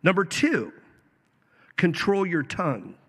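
A man preaching a sermon as a pastor, animated, with joking asides and acted-out quotes. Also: high-pitched, slow pace, husky. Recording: long hall reverb.

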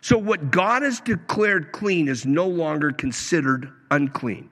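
A man's voice: a little high, animated, unhurried, a bit bright. A man preaching a sermon, emphatic, acting out the quoted lines as he goes. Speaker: pastor. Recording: long reverb of a hall.

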